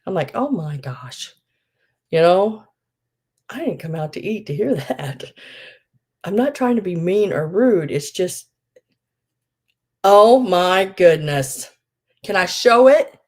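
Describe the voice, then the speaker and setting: A woman's voice: lowish voice, a little mellow. A middle-aged woman, chatting casually on a live sale stream, gushing and trailing off with ums.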